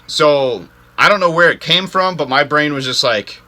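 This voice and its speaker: Guy telling a wild fishing-trip story to the camera, bright voice, rambly, says "like" constantly. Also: fairly high pitch, normal speed. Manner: rambling, animated, heavy use of "like". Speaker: ice fishing channel host.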